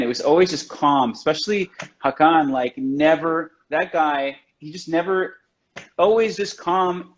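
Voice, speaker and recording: Guest chocolatier, male, slightly high voice, rambling and friendly storytelling, muffled stream sound. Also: fairly even intonation, moderate pace. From United States. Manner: chatty, loose, heavy on "like" and "you know". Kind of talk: casual storytelling chat. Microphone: video call from home. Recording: dull lo-fi livestream audio.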